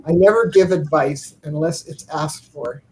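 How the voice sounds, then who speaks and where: In a casual, meandering video-call chat, an older woman shares family anecdotes, chuckling now and then and leaning heavily on fillers. She speaks unhurriedly in a deep, slightly mellow voice, captured on a low-quality recording.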